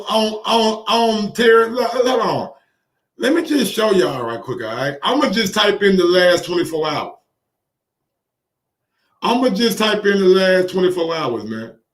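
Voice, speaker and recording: Excitable high-voiced man in an echoey room. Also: distant mic. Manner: excitable, profane, repeats phrases for emphasis. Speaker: boxing commentary channel host. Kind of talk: casual reaction commentary.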